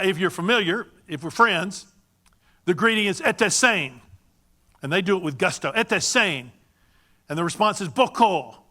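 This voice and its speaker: An older man telling stories from the pulpit in a folksy, animated way, with sudden loud greetings called out to the congregation. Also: fairly high pitch. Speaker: church speaker for a mission ministry. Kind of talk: sermon-style storytelling to a congregation.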